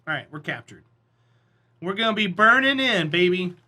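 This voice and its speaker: Man, game streamer, casual live chat, encouraging, high voice, bright tone. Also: expressive, normal speed. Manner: chatty, encouraging, talks to viewers.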